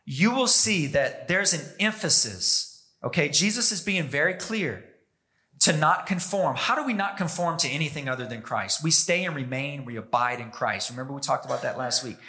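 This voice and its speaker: High, bright-voiced male pastor preaching. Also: expressive, normal speed. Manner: emphatic, varies pitch and pace for emphasis. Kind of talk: sermon.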